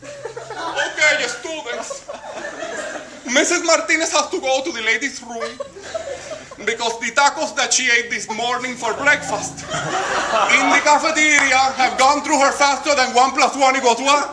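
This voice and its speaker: A fussy, flustered middle-aged female schoolteacher, put on by a man scolds in a very high, shrill voice. The sound is roomy, from a live stage with an audience. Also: unhurried, heavy background noise. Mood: bossy. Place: theater stage. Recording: echoey stage with audience laughter.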